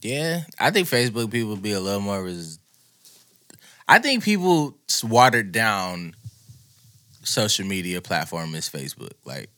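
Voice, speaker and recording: A man's voice: lowish voice, sing-song, measured pace, a bit bright. A man co-hosting a casual podcast chat, talking loosely and profanely, rambling through his points.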